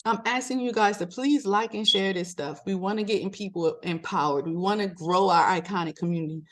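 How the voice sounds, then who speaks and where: A middle-aged woman from Maryland hosting a podcast in casual motivational talk, animated, laughing often and jumping up in pitch for emphasis. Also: brisk. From Maryland, USA. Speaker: podcast host.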